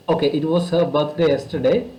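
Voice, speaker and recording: A man with an Indian English accent from Kerala, teaching grammar online over a video call, explaining slowly and patiently with many fillers. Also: fairly high pitch, dark tone, echoey room, slight background noise, low-quality recording. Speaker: English tutor.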